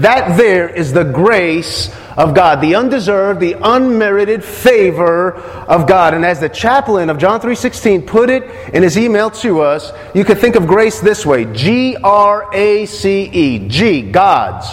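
A man's voice: high-pitched, expressive, a little slow, hardly any pauses, in a large hall. A man preaching a sermon, asking the congregation questions and repeating key phrases.

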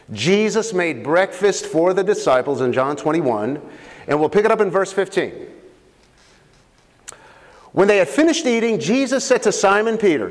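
A man preaching a sermon, reading scripture aloud with expressive, dramatic pauses. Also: sits high. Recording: long hall reverb.

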